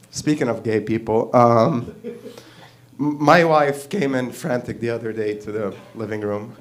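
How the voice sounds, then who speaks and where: A man's voice: fairly high pitch, normal speed. A man doing a stand-up routine at an open mic, rambling and profane and laughing at his own jokes. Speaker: stand-up comedian. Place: stage at an open mic night.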